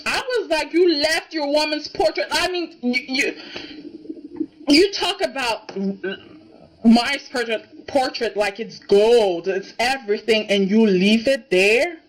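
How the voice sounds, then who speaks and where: High, lively woman ranting about a soap. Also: takes it slowly. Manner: indignant, emphatic, keeps asking "okay?". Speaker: soap opera reviewer. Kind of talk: casual reaction commentary.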